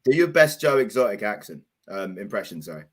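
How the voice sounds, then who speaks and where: A man's voice: fairly low pitch, very animated, a little fast, slightly rough. A young man, co-hosting a football chat show, teasing his partner and calling him mate. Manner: teasing, says "mate" often. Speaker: co-host. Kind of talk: casual banter chat.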